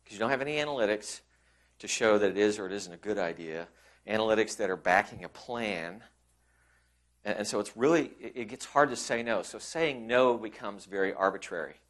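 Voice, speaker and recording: A man's voice: on the low side, expressive, fairly quick, fairly bright tone. A man presenting a conference session, conversational, with frequent restarts, acting out quoted colleagues. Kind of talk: conference talk.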